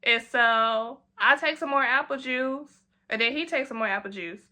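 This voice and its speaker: A young woman tells a story in a lively way, dropping into quick voices for her friends. Her tone is bright and sharp. She speaks in a casual vlog style. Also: sits high. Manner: animated, acts out friends' lines in quick quoted voices. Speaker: vlogger.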